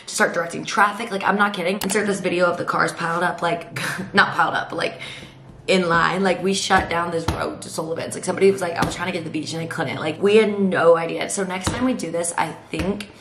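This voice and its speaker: A young woman, telling a story to camera in a rapid, chatty way full of "like.". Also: fairly low pitch, steady tone. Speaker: vlogger. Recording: roomy echo, faint background noise.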